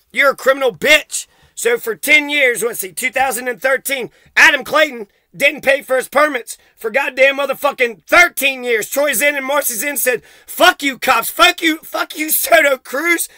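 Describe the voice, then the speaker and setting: A man with a very high, sharp and piercing voice unloads a profane, accusatory rant straight at the camera. His heated delivery sounds close and completely dry, with no room at all around it. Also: moderate pace, no echo. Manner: heated, swearing constantly, accusatory. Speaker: vlogger.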